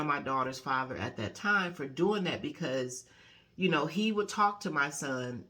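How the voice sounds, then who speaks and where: A woman life coach giving a casual motivational talk, conversational and lively, often adding "you know" and "okay". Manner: animated storyteller, acting out quotes with big pitch jumps.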